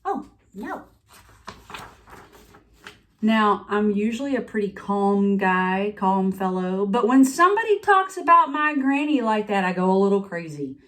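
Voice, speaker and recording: A woman's voice: medium pitch, sing-song, a little slow, fairly bright tone. Self-pitying wolf telling his own side, as a woman reads it aloud; confiding, storybook read-aloud. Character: sniffly, self-pitying male wolf narrator. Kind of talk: picture-book read-aloud.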